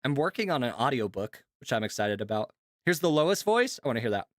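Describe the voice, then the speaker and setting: A man's voice: medium pitch, big pitch swings, fairly quick, no echo, studio quality. A man who works as a voice actor, rambling easygoing to his chat during a live stream.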